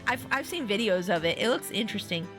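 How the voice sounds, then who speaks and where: A woman's voice: medium pitch, expressive, fast, fairly bright tone, faint music behind. A young woman streaming a video game, chatting casually and giggling often. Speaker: VTuber streamer.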